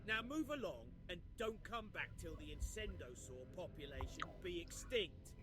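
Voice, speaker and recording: A man's voice: sits high, big pitch swings, normal speed, over music, voice pushed up. A man voicing a grumbling old male dwarf quest giver who talks in a folksy, bossy dialect while reading game quests aloud.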